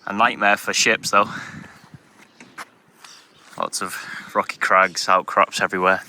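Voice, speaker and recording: A man narrating a travel vlog and talking to camera while hiking outdoors, in a relaxed, chatty and enthusiastic way. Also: low-pitched, measured pace, a little hiss or hum. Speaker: hiking vlogger. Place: outdoors on a coastal hike.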